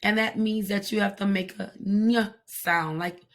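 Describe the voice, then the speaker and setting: A woman teaching a language lesson, repeating each word slowly and carefully for pronunciation. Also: mid-range voice, fairly even intonation, fairly bright tone. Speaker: Spanish teacher. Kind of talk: slow, deliberate language lesson.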